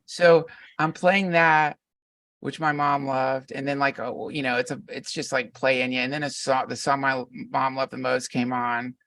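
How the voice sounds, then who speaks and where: Middle-aged male guest, gravelly, reflective, restarts a lot; dry, slightly distant pickup. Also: medium pitch, level tone, normal speed, fairly bright tone, no room sound. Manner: reflective, meandering, many restarts. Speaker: podcast guest. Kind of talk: casual conversation.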